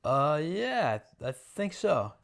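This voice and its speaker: A man's voice: fairly high pitch, sing-song, slow pace, creaky, exaggerated voice. A man playing a laid-back male roommate, talking in a casual, mumbly, indifferent way.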